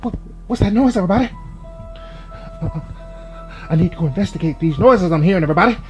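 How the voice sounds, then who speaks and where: Man playing a scared, whiny male vlogger creeping through a haunted house; high voice, nervous hush, tags "everybody" on everything, music playing loud underneath. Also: expressive, fast talker, lo-fi sound. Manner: ends nearly every sentence with "everybody"; fearful, hushed narration. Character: jittery male ghost-hunting vlogger, jumpy and whiny.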